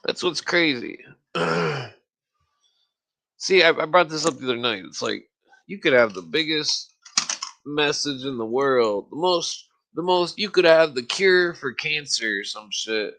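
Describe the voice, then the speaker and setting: A man hosting a podcast, ranting in a casual, profanity-laced monologue and often clearing his throat. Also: fairly high pitch, animated, unhurried, bright, forceful tone. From United States. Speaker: podcast host. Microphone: podcast microphone.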